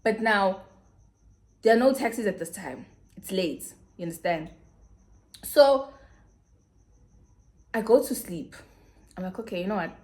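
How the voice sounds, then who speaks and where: A South African woman in her twenties, telling a storytime vlog in a mid-pitched voice. She acts out both sides of the exchange and sinks to a quiet murmur when it turns serious. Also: slow, long pauses. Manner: animated storytelling, acting out both sides of conversations. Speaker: YouTuber.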